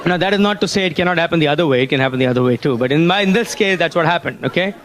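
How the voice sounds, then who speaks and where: Speaking very fast, this man has a slightly high, bright, expressive voice, with a faint crowd and a little hiss or hum in the background. He's giving a motivational talk at a business seminar, telling stories and often questioning the audience.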